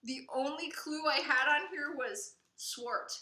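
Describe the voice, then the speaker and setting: A woman co-hosting a casual podcast chat, gushing and excitable, laughing often. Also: sits high, unhurried, slight background noise. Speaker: podcast co-host. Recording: echoey room.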